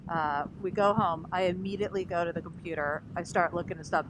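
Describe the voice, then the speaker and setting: A woman with a fairly low voice tells an animated travel story in a casual vlog. She slips into other people's voices as she goes. Clear vehicle noise runs behind her. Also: brisk. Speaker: vlogger. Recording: noisy recording with vehicle sounds.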